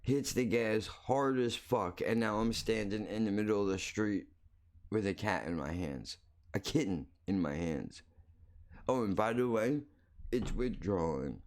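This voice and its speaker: A man's voice: lowish voice, lively intonation, a little slow, a little mellow. A man hosting his own show, telling a story in a blunt, crude, rambling way, full of profanity and restarts. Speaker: podcast host.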